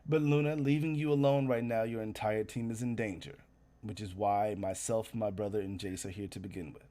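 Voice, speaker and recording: A man voicing a composed female mage who speaks in a calm, measured, formal way, in a tabletop game. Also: fairly low pitch, pitched below the performer's own voice, lightly acted. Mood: grave.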